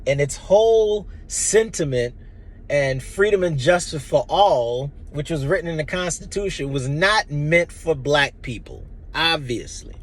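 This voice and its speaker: A man's voice: a little high, lively intonation, measured pace. A man in his thirties giving an impassioned, blunt personal monologue, emphatic and profane. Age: 30s. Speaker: vlogger.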